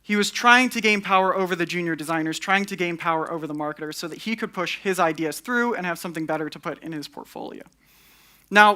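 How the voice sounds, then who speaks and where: A man's voice: sits high, sharp tone. A young man giving a candid conference talk on stage, with wry, sarcastic asides. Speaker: conference speaker.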